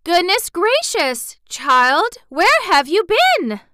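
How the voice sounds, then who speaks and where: A woman reading aloud, voicing a fussy, excitable older aunt from a storybook in a high, drawn-out exclaiming voice. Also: clear, resonant tone, dry recording, clean studio sound, heavily acted. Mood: alarmed.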